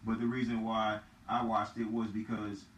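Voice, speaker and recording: A man's voice: fairly low pitch, completely flat delivery, moderate pace, distant mic, slight background noise. A man, co-hosting a podcast in loose, profane banter. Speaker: podcast co-host. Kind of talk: casual chat. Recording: echoey room, voice off-mic.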